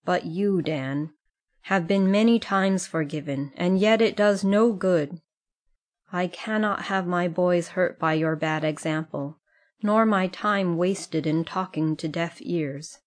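A woman reading as a steady older schoolmaster. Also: on the low side. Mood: firm. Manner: steady and measured. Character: firm, kindly older male schoolmaster.

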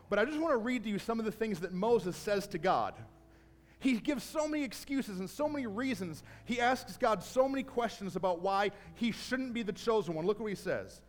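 A man preaching a sermon to a congregation in a church, telling Bible stories and building to a shouted call to action. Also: sits high. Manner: builds from storytelling to shouted exhortation. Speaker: pastor. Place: church sanctuary. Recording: long hall reverb.

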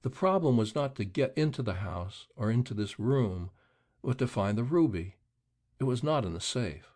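A man voicing a harassed, despairing male author who speaks in a low tone. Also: expressive, moderate pace, a little mellow, lightly acted. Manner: low, hopeless tone.

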